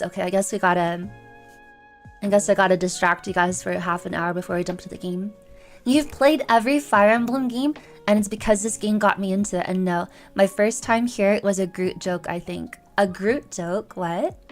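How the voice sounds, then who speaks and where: A young woman streaming as a VTuber, chatting casually with her viewers in a playful, rambling way. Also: medium pitch. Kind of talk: casual livestream chat with viewers. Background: faint background music.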